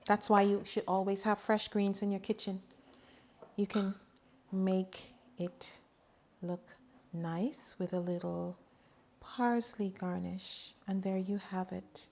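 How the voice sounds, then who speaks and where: A middle-aged woman talks through a recipe in her home kitchen. She takes her time, with a mid-range voice and a relaxed, chatty manner full of little personal asides. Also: mid-range voice, slow, gravelly, a little hiss or hum. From Bahamas. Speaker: home cook and farmer. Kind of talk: cooking demonstration.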